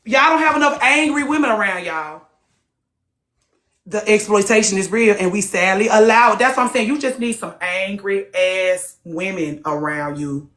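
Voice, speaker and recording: A woman's voice: medium pitch, moderate pace, a bit bright. A woman hosting a live group talk, blunt and profane, firing off rhetorical questions to her listeners. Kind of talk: casual heated talk to listeners. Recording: echoey room sound.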